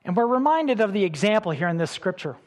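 A middle-aged male pastor delivers a sermon with a fairly high voice, swinging between loud bursts and quiet asides. His words ring out with a long reverb from a large church hall. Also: fast talker. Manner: animated preaching with sudden loud bursts and soft drops.

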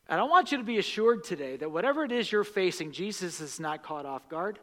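A man's voice: sits high, animated, a little fast, few pauses, a bit bright. A male pastor preaching a sermon in a church sanctuary, emphatic and repeating key lines for stress. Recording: long reverb of a large hall.

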